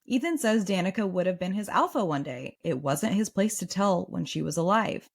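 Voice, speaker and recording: A woman hosting a podcast, reading a book recap and breaking into excited asides. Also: fairly low pitch, normal speed. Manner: animated, swings between reading and excited reactions. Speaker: podcast host.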